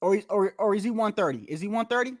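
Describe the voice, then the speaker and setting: Heated, animated man ranting about boxing. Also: high-pitched, fast talker, no room sound, clean studio sound. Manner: profane, repetitive, heated, talks straight to viewers. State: tired after a long day. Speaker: boxing commentator. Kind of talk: casual ranting commentary.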